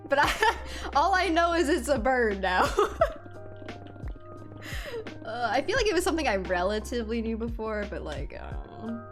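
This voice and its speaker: A woman's voice: on the high side, sing-song, normal speed, long pauses. A young woman streaming a game, chatting casually with her viewers and laughing often. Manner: chatty and giggly, talking to chat. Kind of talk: casual live-stream chat while gaming. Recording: faint music in background.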